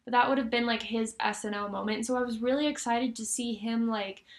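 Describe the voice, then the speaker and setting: Chatty young woman, slightly high voice. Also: fairly even intonation, a little fast. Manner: chatty, many "like" fillers, enthusiastic. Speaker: podcast co-host. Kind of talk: casual chat.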